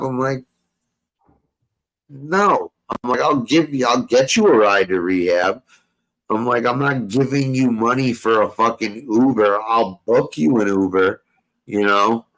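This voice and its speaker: A man's voice: on the low side, a little slow, a bit bright, poor audio. Foul-mouthed man telling a rambling story. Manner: profane, rambling, street slang. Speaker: podcast host. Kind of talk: casual storytelling chat.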